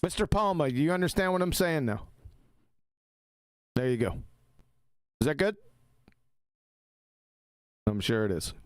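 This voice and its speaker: A man's voice: a little high, big pitch swings, measured pace, pauses often, no echo. A man hosting a live stream, reacting to a debate clip in a mocking, combative and profane way.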